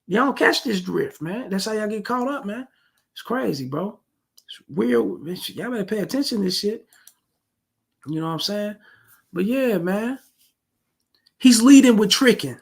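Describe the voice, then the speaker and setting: A man's voice: high-pitched, lively intonation, normal speed, vocal fry, long pauses, husky. A man giving casual reaction commentary on dating, slangy and emphatic, who keeps calling his listeners fellas and bro.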